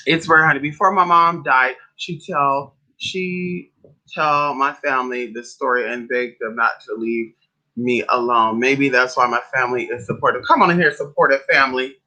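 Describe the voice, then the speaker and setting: A man's voice: mid-range voice, steady tone, normal speed, bright, forceful tone, low-quality recording. A man from California, the host of a spiritual livestream, telling a story to his live chat in a dramatic, profane way and calling listeners "honey" and "y'all".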